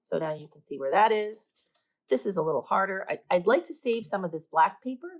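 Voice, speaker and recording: A woman's voice: mid-range voice, lively intonation, fairly quick, rough recording. A woman teaching a paper craft step by step, chatty and a little self-mocking as she works. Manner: chatty and self-deprecating, talking while working. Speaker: art teacher.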